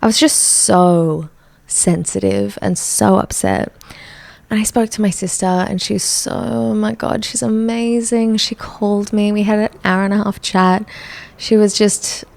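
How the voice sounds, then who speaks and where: A young woman speaks in a gravelly voice, with plenty of vocal fry. She hosts a solo podcast and tells her story candidly, with a chatty, self-mocking tone. She is close on the mic in a dry, dead room. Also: mid-range voice, fairly even intonation, measured pace, a little mellow, no echo. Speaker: podcast host.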